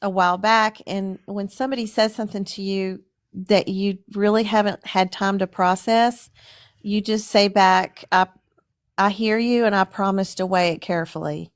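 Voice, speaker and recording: A woman's voice: medium pitch, fairly even intonation, moderate pace. A middle-aged woman speaking as a guest in a casual conversation, reflective and searching for her words with many fillers. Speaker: stream guest.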